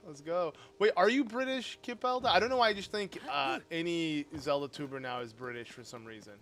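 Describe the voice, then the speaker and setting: A man streaming a game live, chatting casually with his viewers in an excitable, talkative way and laughing often. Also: fairly high pitch, fairly quick, few pauses.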